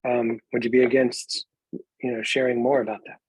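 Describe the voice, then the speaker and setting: A man taking part in a coaching group, hesitant, with many pauses and fillers. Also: medium pitch, level tone, darkish tone, breathy edge, dry recording, poor audio.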